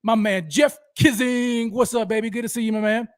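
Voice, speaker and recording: An energetic man with a voice pitched high for a man hosts a sports fan livestream, giving pumped-up shout-outs to viewers in a roll call. He speaks at a moderate pace, and the recording is dry and close with no room sound.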